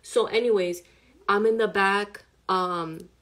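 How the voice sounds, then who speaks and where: A woman recounts a personal story straight to camera, sounding shaken and upset. Her speech rambles, packed with "like" and frequent swearing, and her pitch sits in a middling range. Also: fairly even intonation, slow, a bit bright. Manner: rambling, heavy use of "like" and profanity, agitated.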